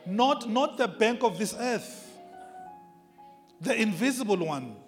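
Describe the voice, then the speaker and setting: A man's voice: high-pitched, lively intonation, slow pace. A male pastor preaching a sermon with emphasis, repeating key phrases and drawing out words. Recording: long reverb of a large hall, faint music.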